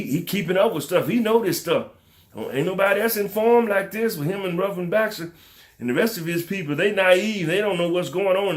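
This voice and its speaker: An older man giving fiery, preacher-like commentary, drawing out words for emphasis and slipping into rough vernacular. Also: on the high side. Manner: preacher-like cadence, drawn-out emphasis, repetition. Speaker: talk show host. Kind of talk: impassioned commentary to camera.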